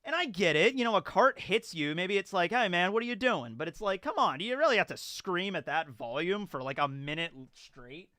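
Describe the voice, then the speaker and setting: Bright, clear-voiced man chatting on a dry mic. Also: high voice, sing-song, moderate pace, hardly any pauses, no echo. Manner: rambling, conversational, filler-heavy. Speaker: YouTube host. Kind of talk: casual storytelling and commentary.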